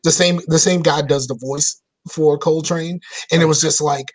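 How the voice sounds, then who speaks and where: A man's voice: a little high, steady tone, normal speed. A man co-hosting a casual podcast, talking about video games in a rambling way with many restarts. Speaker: podcast co-host. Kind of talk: casual gaming chat.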